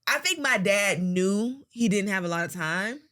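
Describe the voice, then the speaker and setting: Young woman podcaster, kinda bright sharp tone, animated storyteller, cusses a lot. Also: medium pitch, measured pace. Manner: animated storytelling, swearing, acts out quotes. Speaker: podcast co-host. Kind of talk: casual chat.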